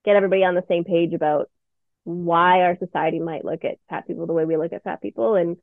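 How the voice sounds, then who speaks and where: A woman's voice: lowish voice, fairly even intonation, fast, no echo. A woman guest in casual interview chat, talking candidly and expressively, swearing freely, from Canada. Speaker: podcast guest, playwright and actor. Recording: tinny phone-like line, dry.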